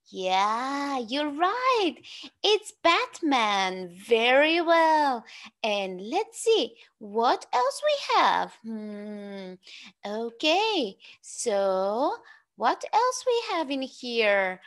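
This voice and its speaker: A young woman teaching English to small children, speaking slowly and cheerfully in an exaggerated, clearly spoken way. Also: high voice, a bit bright. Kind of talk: sing-song lesson talk to small children.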